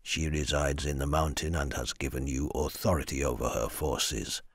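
A man doing a rumbling, dutiful lizard-man warrior. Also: fairly even intonation, moderate pace, husky, no room sound, studio quality. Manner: formal, dutiful, deferential.

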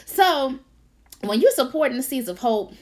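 A woman hosting a casual faith-based livestream, lively, laughing often and greeting viewers by name. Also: sits high, normal speed. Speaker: author and livestream host.

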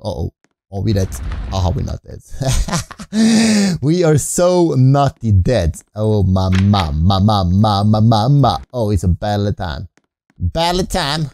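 Goofy, gravelly male game commentator. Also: fairly low pitch, sing-song, takes it slowly, warm tone, dry recording. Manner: goofy, rhyming nonsense words, frequent laughs. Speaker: gameplay commentator.

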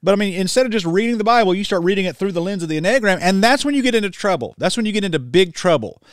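A man's voice: high-pitched, expressive, very fast, dry recording. Emphatic man preaching in a dry close voice. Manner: emphatic, scolding and incredulous. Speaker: Christian online preacher. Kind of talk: preaching commentary, reading a web page aloud.

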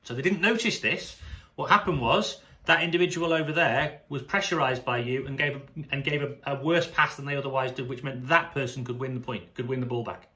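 A man with a British accent, a sports coach talking casually to camera in an animated, chatty way, often restarting his sentences. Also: mid-range voice, a little fast. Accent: British English. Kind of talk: casual vlog monologue to camera.

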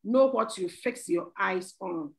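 Speaking slowly in a gravelly, mid-range voice on a rough recording, a middle-aged woman appears as a panel guest on a church talk show. She earnestly pleads with listeners while giving her testimony, frequently dissolving into laughter.

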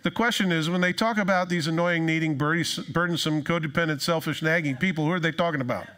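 A male pastor preaching in a conversational, joking manner with animated storytelling. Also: a little high, quick pace. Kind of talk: sermon.

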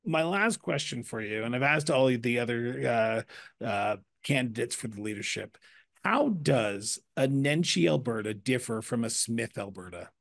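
A man hosting a podcast interview, speaking conversationally with a slightly halting delivery. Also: mid-range voice, lively intonation, creaky, a bit bright, dry recording, clean studio sound. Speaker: podcast host.

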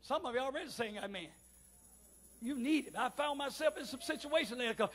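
A middle-aged man, preaching a call-and-response sermon as pastor in a church, swinging between shouts and quiet asides. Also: very high-pitched, brisk. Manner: swings from shouting to near-murmur, preacher cadence. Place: church sanctuary.

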